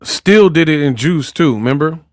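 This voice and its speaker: A man's voice: a little high, lively intonation, moderate pace, dry recording, studio quality. A man in casual commentary who talks in a mocking, slangy way and acts out quotes. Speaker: boxing commentator.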